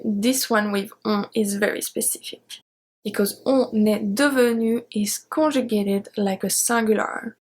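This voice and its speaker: A woman gives an online grammar lesson in English. Her voice sits a little high, and she says each verb slowly and repeats it before moving on. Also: a little mellow. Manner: slow, careful spelling-out of verb forms. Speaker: French teacher.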